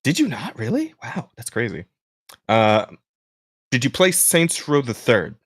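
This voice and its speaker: A man hosting a podcast in casual chat with a smooth voice. He rambles with many restarts. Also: mid-range voice, sing-song, measured pace, dry recording, studio quality. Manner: rambling, many restarts and fillers, laughs while talking. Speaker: podcast host.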